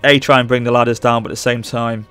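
A man commentating live on his strategy game as he plays, urging his units on and reacting loudly to the battle. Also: medium pitch, quick pace, clear, resonant tone, soft background music. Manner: urgent, excitable, barks orders at units. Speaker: gaming channel host.

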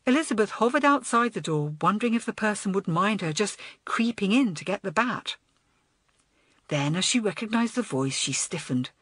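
A woman narrating a children's audiobook in an expressive, lively way. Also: lowish voice, breathy edge, no room sound, clean studio sound. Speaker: audiobook reader. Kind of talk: storybook narration.

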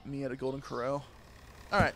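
A man's voice: mid-range voice, steady tone, brisk, a bit bright, slight background noise. A man giving crude, joking commentary while playing a game, trash-talking the characters on screen and laughing often. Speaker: gaming YouTuber. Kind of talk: gameplay commentary.

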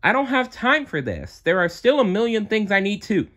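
A man's voice: high-pitched, sing-song, moderate pace, a bit bright, voice pushed up. A man voicing the young adult ice queen Elsa, an eager and earnest older sister, in a storybook reading. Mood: flustered.

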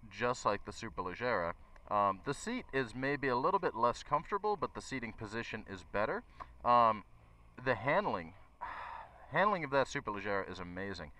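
A man's voice: mid-range voice, sharp tone, no echo. A man who runs a motorcycle shop, giving a chatty, enthusiastic bike review to his viewers. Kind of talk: casual bike review vlog.

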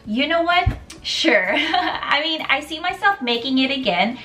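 A woman hosting a food-tasting vlog in a chatty, upbeat tone, her voice sitting a little on the high side. She sounds a bit off-mic, with soft music playing underneath. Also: animated, a little slow, far from the mic. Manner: chatty and upbeat, with light laughs. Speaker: cooking vlogger and host. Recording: off-mic with faint background music.

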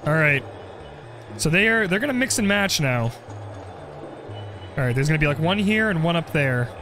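A young man commenting on his game play, joking and getting excited as he goes. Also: fairly high pitch, moderate pace, faint music behind. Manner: jokey, excitable, role-plays as the character. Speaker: gaming video creator.

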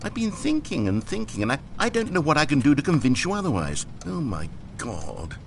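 A man's voice: huge pitch swings, brisk, vocal fry, slight background noise, full character voice. An actor voicing a lonely, wry male narrator who addresses the player in a plaintive, musing monologue for a video game. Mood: lonely, pleading. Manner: plaintive, musing monologue with sudden pitch swings. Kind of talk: game voice acting.

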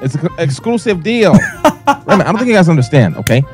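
Fast-talking guy in a roleplay call, lively and aggressive, insulting the whole time. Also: high voice, music in the background. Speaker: roleplay character in a crime-city game. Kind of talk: confrontational in-character phone talk.

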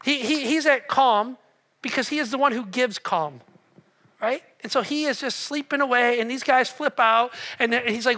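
Bright, high-voiced animated preacher man. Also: fairly quick. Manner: animated storytelling, acts out voices, asks the room questions. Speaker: pastor. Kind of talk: sermon.

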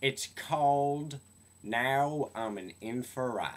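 A wizard rock singer who gives a short spoken greeting, then sings a comic song with slow, drawn-out phrasing. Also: medium pitch.

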